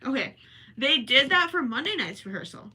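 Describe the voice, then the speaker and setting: A woman's voice: high-pitched, big pitch swings, moderate pace, sharp tone. A young woman hosting a crochet livestream, chatting casually with viewers and rambling as she works, sometimes turning from the mic. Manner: chatty and rambling, self-correcting, talks while working. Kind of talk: casual chat while crocheting live.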